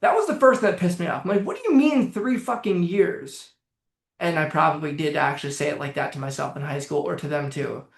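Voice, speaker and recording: A man's voice: a little high, fast, vocal fry, hardly any pauses. Blunt, swearing young man in echoey room. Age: late 20s. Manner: blunt, swears, lively storytelling. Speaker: coach. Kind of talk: casual direct-to-camera talk.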